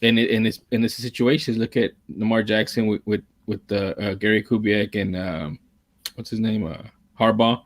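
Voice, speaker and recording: A low-voiced man talks football in a loose, rambling way, circling back and restarting his sentences. His delivery is fairly flat and monotone. The sound is dry and close, with no room echo. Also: normal speed. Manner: rambling, restarts often, calls himself monotone. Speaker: podcast co-host. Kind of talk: casual sports talk.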